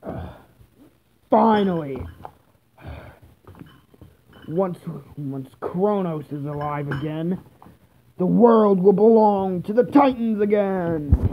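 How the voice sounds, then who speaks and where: A speaker performing every role in a homemade fan drama, swinging between loud excited outbursts and low mumbled asides. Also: takes it slowly, long pauses. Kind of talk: amateur one-person fan drama, doing every role. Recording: tinny phone-like lo-fi with faint hiss.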